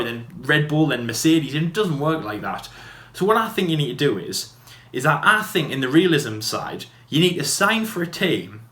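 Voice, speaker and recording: A man co-hosting a podcast, chatting casually in a quick, rambling way full of fillers and restarts. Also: medium pitch, fairly bright tone. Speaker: podcast co-host. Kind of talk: casual debate chat. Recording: echoey room.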